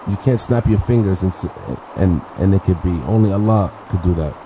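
A man with a somewhat low voice recounts a personal story in an easygoing, halting way. He restarts sentences and repeats words, and he leans on fillers as he goes. Steady ambient noise runs clearly behind him. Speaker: speaker sharing a personal faith story.

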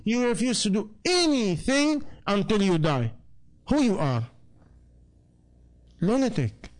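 High-voiced man preaching with pressing questions. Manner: rhetorical questions put to the audience; non-native English grammar. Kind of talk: sermon.

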